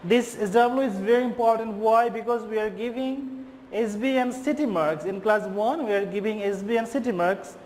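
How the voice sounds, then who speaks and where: A male teacher with a Bangladeshi accent giving a slow classroom lesson, spelling words letter by letter and repeating them. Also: high-pitched, darkish tone, in a large hall.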